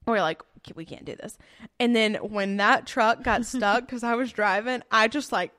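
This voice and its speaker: A young woman telling a story in casual chat, animated and full of fillers, laughing often as she goes. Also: on the high side, normal speed.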